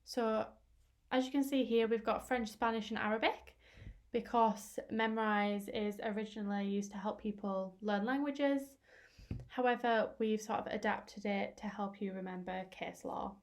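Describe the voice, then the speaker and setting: A young woman teacher talking through a screen-recorded tutorial in a chatty, explanatory way with fillers, her voice going hoarse. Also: medium pitch, steady tone, moderate pace. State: losing her voice.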